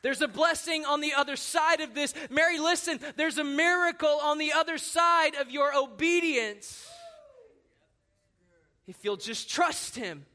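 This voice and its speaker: Dude putting on a loud happy older lady shouting blessings, encouraging. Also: very high-pitched, measured pace, voice pushed up, exaggerated voice. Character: exuberant older woman blessing a young relative.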